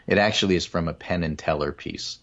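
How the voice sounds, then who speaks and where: A man's voice: low voice, brisk, creaky, fairly bright tone, dull audio. A man chatting casually about politics on a talk show, telling anecdotes emphatically and repeating his points.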